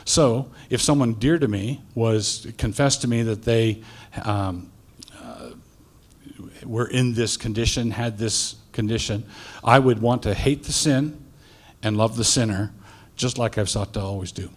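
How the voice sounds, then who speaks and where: A middle-aged male pastor giving a deliberate, halting answer in a debate. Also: fairly low pitch.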